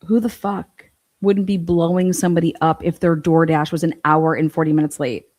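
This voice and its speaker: A woman's voice: on the low side, steady tone, normal speed, darkish tone. A woman giving blunt, profane, incredulous commentary on a true crime livestream.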